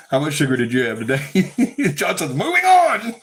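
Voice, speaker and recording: A man's voice: medium pitch, measured pace, fairly bright tone, breathy edge. A man hosting a casual live stream, breaking into fits of laughter. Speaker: paranormal live-stream host.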